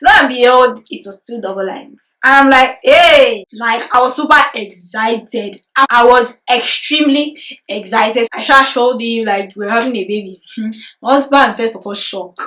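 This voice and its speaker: A woman, vlogging a personal faith testimony in an animated, storytelling way, acting out conversations and encouraging viewers. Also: fairly high pitch, moderate pace.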